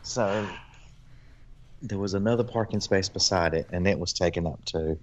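Man, very low voice, podcast co-host, casual storytelling, profane, rambling. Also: moderate pace, lo-fi sound, slight background noise. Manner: rambling, profane anecdote-telling. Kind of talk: casual storytelling among friends.

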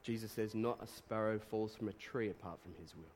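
A man preaching a sermon, reading quotes aloud and breaking into animated exclamations. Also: on the low side, a little fast, a little hiss or hum. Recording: long reverb of a hall.

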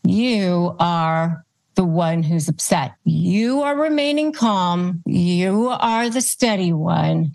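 A woman giving calm, step-by-step advice as a guest expert, speaking in a steady, instructive way. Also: fairly low pitch, gravelly. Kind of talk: advice talk, listing tips.

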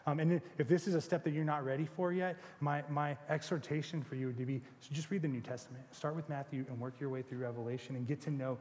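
A young adult man giving a conversational sermon in a casual, animated way. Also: on the high side, fast talker, hardly any pauses, big-room sound. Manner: conversational, animated retelling with acted quotes. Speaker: preacher.

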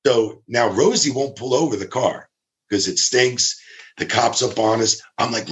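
Guy telling a wild road story, mid pitch, lots of voices for people, cusses and laughs. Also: a little slow. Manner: animated storyteller, acts out quotes, swears, laughs. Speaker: storyteller guest. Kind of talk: casual anecdote telling.

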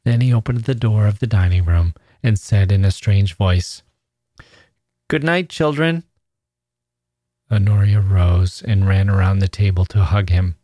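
A low-voiced man reads a literary story aloud in a measured, steady way. The sound is dry and close, with no room around it. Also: no echo. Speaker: podcast host reading a story.

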